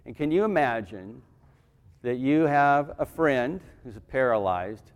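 A man's voice: medium pitch, lively intonation, takes it slowly. Man giving a homily in a reverberant hall. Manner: conversational, with restarts and asides. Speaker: deacon. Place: church.

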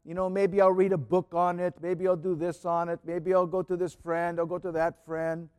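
A man preaching a sermon in an earnest way, repeating key phrases and often dropping to a soft, quiet voice. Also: sits high, little pitch movement, moderate pace, clear, resonant tone, in a large hall.

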